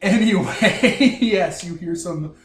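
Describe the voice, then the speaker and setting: Male game master, joking, swears a lot, self-mocking, voice sits a bit high, echoey room. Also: takes it slowly. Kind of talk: narrating a tabletop game. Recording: echoey room with faint music.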